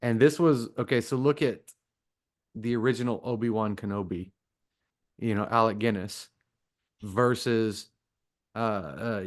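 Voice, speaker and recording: A man with an ordinary mid-range voice gives his take on a book in relaxed podcast conversation. He builds his points by comparing one thing to another. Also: medium pitch. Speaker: podcast co-host. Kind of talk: casual book discussion.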